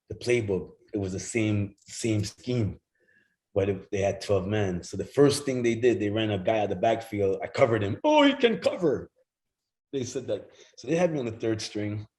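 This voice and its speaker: A middle-aged man, a guest telling animated stories in casual chat and acting out other voices. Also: on the low side. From Jamaica. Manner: animated, acts out quoted voices, swears freely.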